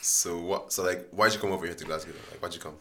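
A young man from Ireland co-hosting a podcast, full of energetic slangy banter. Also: sits low, fast, background noise. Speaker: podcast co-host. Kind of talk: casual podcast chat.

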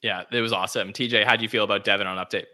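A man hosting a casual podcast roundtable in a bright, clear voice. He keeps things easygoing, sets up each topic and hands the floor to his panelists. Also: on the low side, steady tone, rapid-fire. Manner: easygoing, moves the discussion along. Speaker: podcast host. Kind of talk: casual chat.

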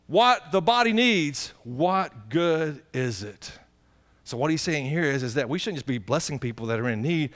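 A middle-aged man preaching a sermon, his voice sitting high for a man. He talks in a folksy, conversational way, asks the congregation questions, and swings between excited, raised passages and low, quiet asides. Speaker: pastor.

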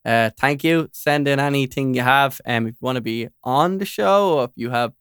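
A man's voice: mid-range voice, moderate pace, fairly bright tone, smooth, no room sound, studio quality. A man with an Irish accent hosting a podcast, chatting in an upbeat, eager way and often repeating his agreement. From Ireland. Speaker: podcast host. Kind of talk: casual chat.

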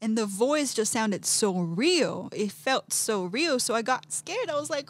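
A woman, a podcast guest, telling a personal story in an animated way, acting out quotes and laughing often. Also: fairly high pitch, moderate pace, few pauses.

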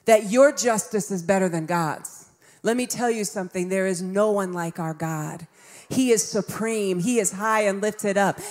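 A woman in her fifties preaching a sermon in a conversational way, acting out voices and laughing along. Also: medium pitch. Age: 50s. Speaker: pastor.

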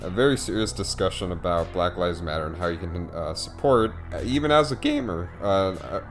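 Halting male gaming podcast host. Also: soft background music. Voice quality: says his voice gets squeaky. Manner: halting, many fillers and restarts. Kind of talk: casual gaming podcast chat.

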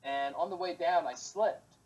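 A young man with a slightly high voice talks in a laid-back, rambling way. He leans on fillers and loose asides. It sounds like relaxed casual chat between friends. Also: moderate pace, muffled recording.

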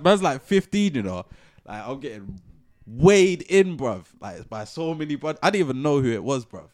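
A young man, telling a story on a podcast in animated slang. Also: medium pitch, normal speed, no room sound. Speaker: podcast co-host. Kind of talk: casual storytelling chat.

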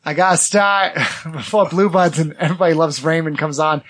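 A man hosting a podcast, joking in casual chat and slipping into a rough working-class persona. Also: on the high side, steady tone, moderate pace, a bit bright. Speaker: podcast host.

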